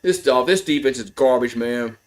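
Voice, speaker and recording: A man hosting live fan play-by-play commentary, excitable and profane, swinging from grumbling asides to shouted calls on big plays. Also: mid-range voice, normal speed.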